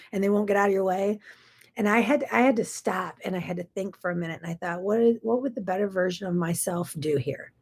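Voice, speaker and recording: A woman's voice: on the low side, fairly quick, a little mellow. A middle-aged woman, hosting a chatty, folksy morning talk show. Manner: chatty, folksy, says y'all. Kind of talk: casual chat.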